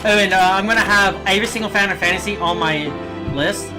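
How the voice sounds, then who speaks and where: A man chatting casually while live-streaming a game, rambling and excitable, with game music clearly behind. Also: high-pitched, fast talker.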